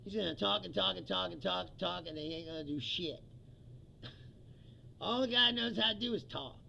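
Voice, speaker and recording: A man's voice: sits high, normal speed, gravelly, bright, forceful tone, a little hiss or hum, low-quality recording. A man hosting a livestream, ranting about politics in a profane, mocking way, laughing often and mimicking quotes in a put-on voice. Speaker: livestream host.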